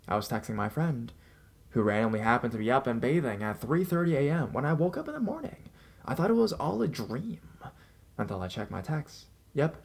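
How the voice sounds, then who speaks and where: Man narrating horror stories, calm measured delivery, mid-pitched voice, faint music underneath. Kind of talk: scripted narration. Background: faint background music.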